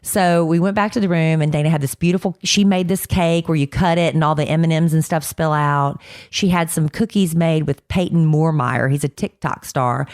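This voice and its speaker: Low-voiced woman telling a lively story. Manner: animated storyteller, acts out quoted voices. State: fighting a cold. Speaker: podcast co-host. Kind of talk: casual storytelling chat.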